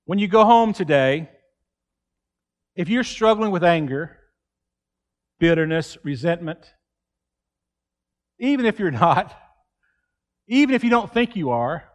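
A man's voice: high-pitched, big pitch swings, unhurried, pauses often. A man, preaching an earnest sermon in church and acting out quoted pleas. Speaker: pastor.

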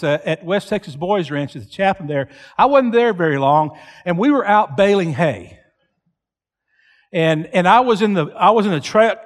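A man delivers a storytelling sermon with a high voice, unhurried and deliberate, and he doubles back on key phrases to drive them home. His words ring out with a long trailing reverb, as in a large church sanctuary. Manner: slow, deliberate, repeats phrases for emphasis. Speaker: preacher.

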